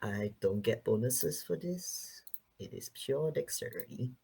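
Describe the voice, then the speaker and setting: A man playing a tabletop game, calmly narrating his character's actions. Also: mid-range voice, a little slow, vocal fry, slightly rough. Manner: calm, descriptive narration of actions. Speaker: player. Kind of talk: tabletop role-play narration.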